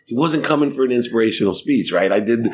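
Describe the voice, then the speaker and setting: A middle-aged man telling animated stories as a guest on a podcast interview. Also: medium pitch, fast talker, a little hiss or hum. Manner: animated, laughing storyteller. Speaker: guest, sports marketing executive.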